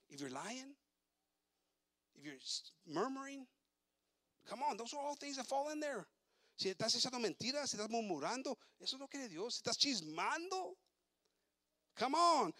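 A man with a high, ringing voice preaching a sermon in both English and Spanish. He flips between the two languages, stumbles over repeated words, and rises to fervent shouting. The sound is close and dry, with no room echo. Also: sing-song, normal speed, long pauses. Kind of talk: bilingual sermon.

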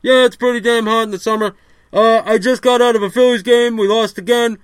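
A man's voice: very high voice, fairly even intonation, fairly quick, clean tone, no echo. A man voicing a rambling, blunt male sports-fan caller in a comedy sketch.

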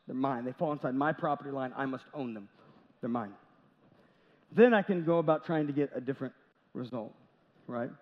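A man preaches as pastor in a large church sanctuary, his medium-pitched voice a little fast and broken by frequent pauses. He speaks conversationally, with jokes and little performed quotes. The recording sounds dull, with long church reverb.

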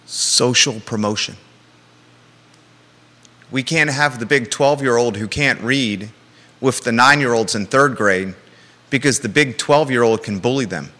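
A man's voice: mid-range voice, unhurried, long pauses, bright, forceful tone, in a large hall. A man hosting a live local talk show, blunt and emphatic, with joking asides.

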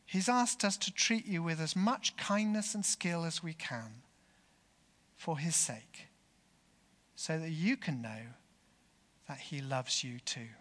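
A preacher speaking as a young, kind hospital carer, soft and calm. The quiet, bright voice hangs in a long church reverb. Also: male voice, high-pitched, moderate pace. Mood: gentle calm.

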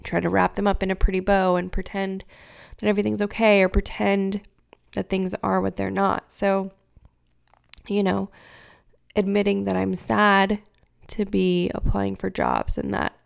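Woman, thirties, podcast host, heavy vocal fry, candid, emotional, halting. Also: medium pitch, fairly even intonation. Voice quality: gravelly fry. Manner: candid, emotional, searching for words. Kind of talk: casual personal monologue.

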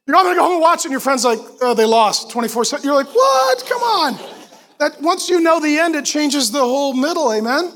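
A middle-aged male pastor preaching a sermon with animated storytelling and acted-out voices. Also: extremely high pitch, fast talker, hardly any pauses.

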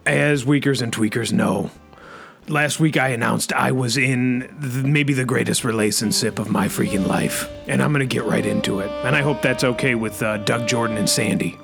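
A man's voice: mid-range voice, normal speed, creaky, over music. A man hosting a comedy podcast, bellowing catchphrases and stuffing "freaking" into every phrase. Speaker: podcast host. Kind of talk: comic rant in character.

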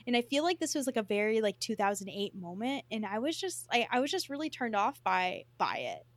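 A woman's voice: fairly high pitch, brisk, no room sound. Chatty woman podcast co-host. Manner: animated, lots of filler words. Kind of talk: casual chat.

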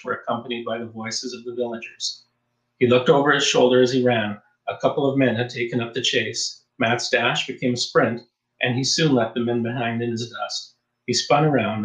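A man narrates a suspense story in a steady, mid-pitched audiobook voice. The recording has a roomy echo around it. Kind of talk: scripted narration.

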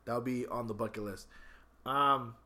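A man hosting a casual talk podcast, ranting in an exasperated, animated way. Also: mid-range voice, measured pace. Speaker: podcast host. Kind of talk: casual opinionated chat.

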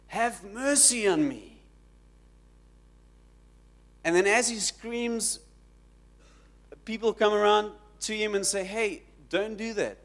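Male pastor, fairly high voice, sermon style with dramatic loud swells. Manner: dramatic, rising to shouts when quoting.

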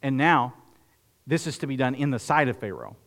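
A man delivering an expository sermon at a middle pitch. He reads scripture passages with rising emphasis and turns casual between readings, explaining the text to his congregation. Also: animated, moderate pace, a bit bright. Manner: earnest, rises in pitch and volume when reading scripture aloud; conversational asides between readings. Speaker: pastor.

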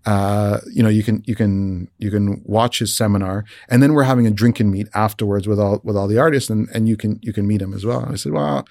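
A man telling a casual career anecdote in an animated way, often repeating and restarting words and acting out what others said. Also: fairly low pitch, quick pace, hardly any pauses, no echo, clean studio sound. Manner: animated, re-enacts dialogue, frequent repeats and restarts. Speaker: visual effects artist telling a career story.

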